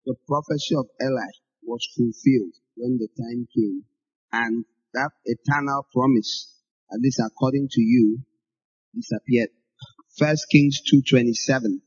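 A man preaching a Bible-teaching sermon in an emphatic, scolding way, his voice jumping up in pitch and volume to drive points home. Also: unhurried, slightly rough. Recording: dull lo-fi recording.

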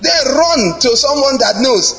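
A middle-aged man preaching a lively sermon, animated and playful, teasing the congregation and slipping into mimicry. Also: very high-pitched, unhurried, soft background music, rough recording.

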